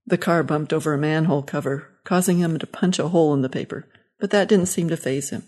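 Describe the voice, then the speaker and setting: Woman reading a story aloud, lowish voice. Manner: gentle, measured storytelling. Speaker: story reader.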